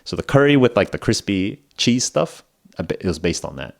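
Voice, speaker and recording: Laid-back guy doing an english podcast lesson, lowish voice, lively up and down, rambles and laughs. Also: brisk, creaky. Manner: rambling and chatty, frequent "like", laughs at himself. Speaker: podcast host teaching English. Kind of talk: casual spoken lesson. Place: lives in Japan.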